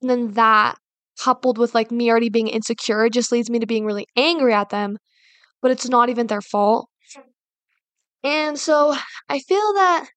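Woman, casual advice talk, higher pitch, rambling, lots of fillers, dry close sound. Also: fairly bright tone, no echo. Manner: rambling, heavy use of fillers like "like" and "you know". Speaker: podcast host.

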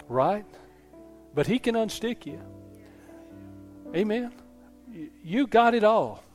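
Speaking in a slightly high, somewhat mellow voice, a man delivers a sermon as pastor. He preaches in a homespun, storytelling style and repeatedly checks in with his listeners by asking "Amen?"

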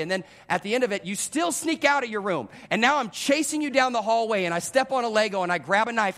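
Thirties male pastor with a high voice; lively sermon delivery that mixes personal stories with audience asides. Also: brisk. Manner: animated, self-deprecating storytelling with direct audience address.

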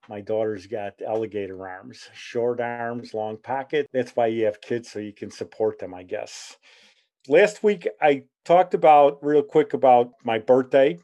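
Folksy, mellow-voiced man hosting a podcast. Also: medium pitch. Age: 40s. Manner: chatty, folksy storyteller. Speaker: podcast host. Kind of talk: casual solo podcast.

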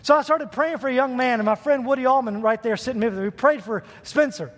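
A fervent man preaching a sermon, his voice pitched high for a man. It rings out through a church with a long hall echo. He pushes from steady teaching up into shouts of praise. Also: quick pace. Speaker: youth pastor. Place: church sanctuary.

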